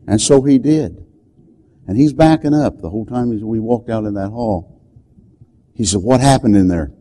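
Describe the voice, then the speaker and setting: An older man preaching, telling a story dramatically and shouting the commands he quotes. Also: medium pitch, poor audio. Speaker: deliverance preacher. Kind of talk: storytelling sermon.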